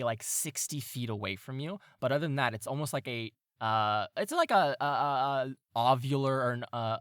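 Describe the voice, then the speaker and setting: A man's voice: mid-range voice, fairly bright tone, clear, resonant tone, no echo. Man narrating as game master, dry sound. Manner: meandering, searching for words with fillers.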